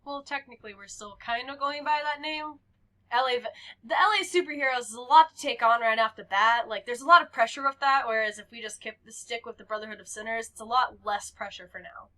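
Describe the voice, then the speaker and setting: A woman's voice: fairly high pitch, fast talker, pushed and bright. A woman playing a tabletop role-playing game, laughing often and switching between her character's words and casual table talk. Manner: giggly, talks in and out of character. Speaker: player.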